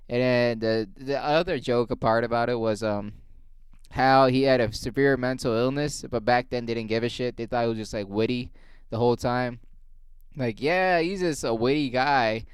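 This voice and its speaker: Man riffing solo, profane and wry, smooth voice, dry close sound. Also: mid-range voice, normal speed, no room sound. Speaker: comedian and podcast host. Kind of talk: casual comedic monologue.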